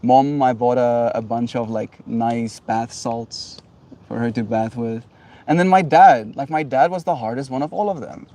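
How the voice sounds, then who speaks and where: A man's voice: medium pitch, normal speed, warm tone. A man hosting a livestream, chatting casually and rambling with many fillers and restarts. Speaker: livestream host. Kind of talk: casual chat.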